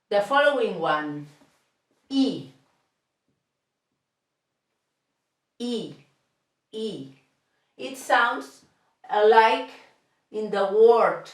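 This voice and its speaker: Woman teacher, unhurried and repetitive, roomy echo. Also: medium pitch, animated, far from the mic. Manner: slow and deliberate, repeats each sound with frequent "okay?" checks. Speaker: Spanish teacher. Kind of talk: slow step-by-step language lesson. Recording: echoey room, voice off the mic.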